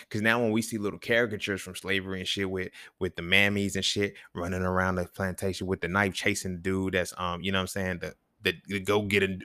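A young man hosting a solo podcast, talking in casual street slang with lots of profanity and rhetorical questions that jump up in pitch. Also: level tone, quick pace, few pauses, bright, forceful tone, dry recording, clean studio sound. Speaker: podcast host.

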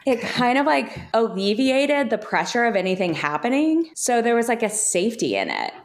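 A woman's voice: on the high side, very animated, moderate pace. A woman in her thirties co-hosting a podcast, telling a story in casual chat and acting out the quoted lines. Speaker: podcast co-host.

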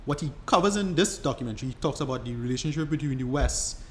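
This podcast co-host speaks fast and expressively in a mid-range voice, over a little hiss or hum. He explains at length in relaxed chat, wandering and restarting what he says.

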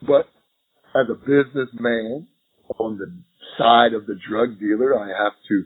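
Husky-voiced man telling a story over a tinny line. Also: medium pitch, unhurried. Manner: animated, laughing storyteller who acts out quotes. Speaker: retired FBI agent, podcast guest. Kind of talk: storytelling interview. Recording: tinny phone-line audio.

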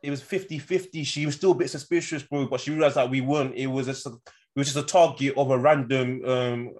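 A man's voice: mid-range voice, fairly even intonation, fast talker, darkish tone. A young man telling a story in casual chat, rambling and saying "bro" and "innit" a lot. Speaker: podcast co-host.

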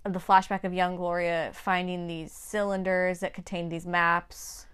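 Smooth-voiced woman chatting about a show. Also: fairly low pitch, little pitch movement, a little slow, a bit bright. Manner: chatty, overlapping, many fillers. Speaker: podcast co-host. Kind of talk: casual TV recap chat.

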